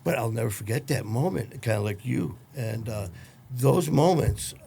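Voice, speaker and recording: A man's voice: mid-range voice, expressive, normal speed, vocal fry, warm tone, a little hiss or hum. A man hosting a podcast, interviewing a guest and telling his own story in a reflective way. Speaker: podcast host. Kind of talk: conversational interview.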